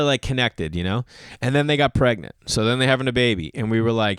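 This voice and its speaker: A man's voice: medium pitch, fast, smooth, no room sound, clean studio sound. A man in his thirties telling a comic story, acting out other people's voices and swearing freely. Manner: animated, acts out quoted voices, swears. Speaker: comedian host. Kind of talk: storytelling monologue.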